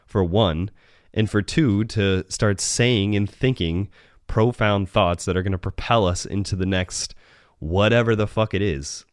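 Man, solo podcast host, low smooth voice, rambling and profane, dry close sound. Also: no echo. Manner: rambling, profane, self-correcting.

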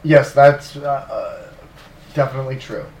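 A man casually retelling history as a podcast co-host, animated and sarcastic, with plenty of fillers and the odd swear word. His voice sounds roomy, and the mic sits some distance away. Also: mid-range voice, moderate pace, slight background noise. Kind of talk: casual storytelling.

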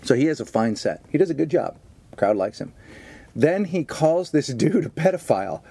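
A middle-aged man, a stand-up comedian, telling stories in casual chat, animated and swearing often. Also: a little high, normal speed, creaky, breathy edge, no echo.

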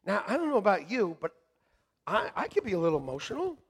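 Middle-aged male pastor, high and lively voice, animated joking sermon, shouts then hushes. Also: quick pace, husky. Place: church sanctuary.

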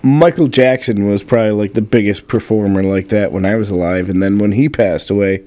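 A young man in a casual podcast chat, relaxed and chiming in with short remarks. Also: lowish voice, fairly quick. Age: young adult.

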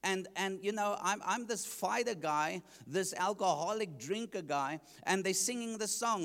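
With a bright-ish, high voice, he moves at normal speed with few pauses through the story of his testimony. The preacher dramatizes his own earlier reactions, and his words ring out in long church reverb.

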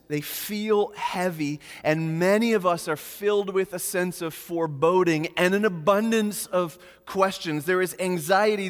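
A man preaching a sermon as pastor, earnest, slowing and softening on key phrases. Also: sits high, long reverb tail.

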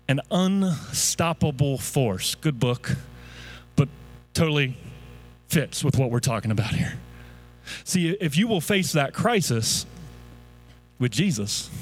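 High-voiced preacher man rousing a congregation. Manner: rousing call-and-response preaching, rising to shouts. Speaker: pastor. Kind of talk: sermon.

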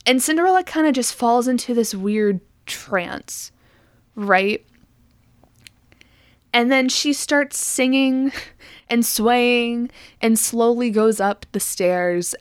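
A woman co-hosting a podcast in a casual, chatty film discussion. Her voice sits a little high for a woman. She is recorded close and dry, with no room around her. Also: slow, clear, resonant tone, no echo. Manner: chatty, animated retelling with many "like" fillers and acted-out quotes. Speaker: podcast co-host.

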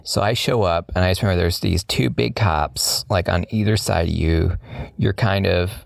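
Low gravelly man telling a story. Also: normal speed, no room sound, clean studio sound. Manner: rambling, self-mocking, with many fillers. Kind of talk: casual storytelling chat.

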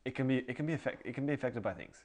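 A man in relaxed conversation, his voice sitting at an ordinary middle pitch. He rambles and self-corrects, drifting into long stories about faith with a loose, unscripted flow. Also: rapid-fire. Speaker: podcast co-host. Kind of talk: casual faith chat.

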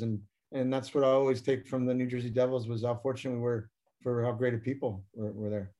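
A man's voice: mid-range voice, fairly even intonation, a little fast, a little mellow. A man, a former hockey player, telling stories as a guest in a casual interview, often repeating and restarting his words.

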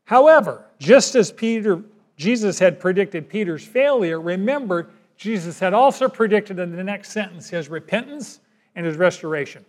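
A male pastor delivering a sermon. He talks in a folksy, conversational way, and his voice sits fairly high. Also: lively intonation, normal speed, darkish tone. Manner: folksy, conversational preaching with acted asides.

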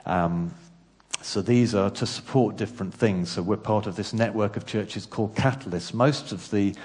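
A man preaching as pastor in a church, calm at first, then building to loud emphatic lists with repeated words. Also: fairly low pitch, normal speed. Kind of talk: sermon. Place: church hall.

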